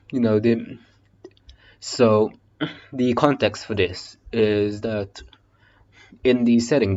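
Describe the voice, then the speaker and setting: A man's voice: fairly low pitch, a little mellow, lo-fi sound. A man reading an audiobook casually in a basement, breaking off for swearing, joking asides. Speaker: audiobook reader.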